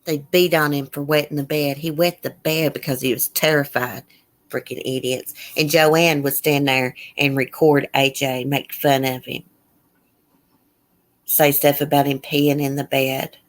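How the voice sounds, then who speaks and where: A host on a casual live stream reads a news report aloud in a mid-range voice. Blunt, indignant asides break into the reading, along with quick remarks to the chat. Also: medium pitch, level tone. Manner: chatting with viewers in the chat.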